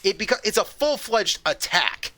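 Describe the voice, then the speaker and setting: Bright, high-voiced rambling gamer guy. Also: normal speed. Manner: rambling and profane, with excited outbursts. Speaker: streamer. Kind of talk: casual chat while gaming.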